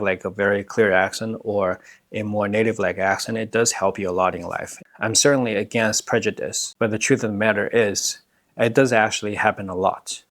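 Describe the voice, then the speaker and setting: A man's voice: fairly low pitch, a bit bright, dry recording, studio quality. A man hosting and explaining to camera in a casual way, peppering his talk with "like" and "right". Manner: casual, many fillers like "like" and "right". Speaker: host and language teacher.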